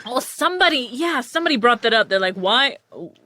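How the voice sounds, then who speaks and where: Bright, animated woman podcast host. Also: on the high side, fast talker, dry recording. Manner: animated, laughs often, acts out quoted dialogue. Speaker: voice actor and script supervisor. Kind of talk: casual conversational chat.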